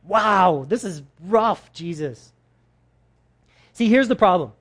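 Bible teacher, laid-back and slangy, mid-pitched voice, casual sermon delivery. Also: lively intonation, slow, long pauses. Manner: conversational, slangy, paraphrasing scripture in everyday speech.

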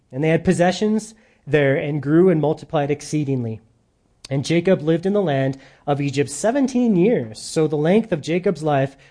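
A man preaching a sermon as pastor, animated, dropping to soft emphasis at the ends of phrases. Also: fairly high pitch.

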